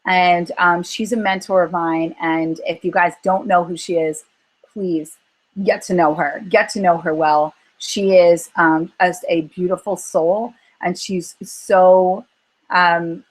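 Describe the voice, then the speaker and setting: A woman's voice: lowish voice, slow pace, poor audio. Earnest woman coaching by story. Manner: earnest, animated storytelling with acted-out inner voices. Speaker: weight-loss coach. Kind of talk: coaching talk on a group call.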